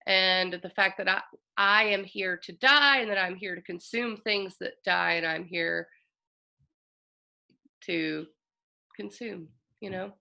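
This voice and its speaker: A woman's voice: mid-range voice, takes it slowly, vocal fry, long pauses, sharp tone. A woman astrologer hosting a casual, earnest talk, reflective and openly emotional as she speaks. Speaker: astrologer host.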